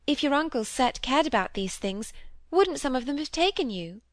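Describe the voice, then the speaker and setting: Give me a gentle, timid young girl in a period novel, raised and soft, voiced by a woman reading, in a dry close recording. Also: high-pitched, big pitch swings, normal speed, no echo, pitched above the performer's own voice.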